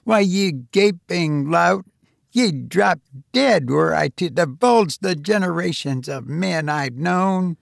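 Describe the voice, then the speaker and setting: A man's voice: on the high side, lively intonation, slow, creaky, dry recording, studio quality, heavily acted. A man reading as a raving ageless sorcerer. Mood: mocking. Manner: grandiose, ranting. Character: ancient raving male sorcerer, arrogant and scornful.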